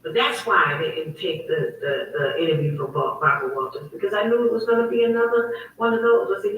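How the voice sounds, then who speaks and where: A woman's voice: lowish voice, fairly quick, hardly any pauses, heavy reverb, distant mic, slight background noise, low-quality recording. A woman hosting her own online talk show, telling a story in a heated, emphatic, repetitive way. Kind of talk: casual livestream monologue.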